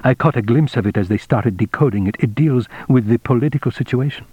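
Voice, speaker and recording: A man reading as an excitable male consulate secretary, delivering his news eagerly and quickly. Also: medium pitch, breathy edge, dry recording, lightly acted. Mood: excited. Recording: dull, dry lo-fi audiobook recording.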